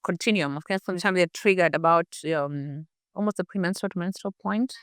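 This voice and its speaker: A woman's voice: fairly low pitch, a little fast, smooth, no echo, clean studio sound. A middle-aged woman, the guest expert in an interview, explaining health topics with everyday examples and acted-out inner thoughts. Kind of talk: conversational interview.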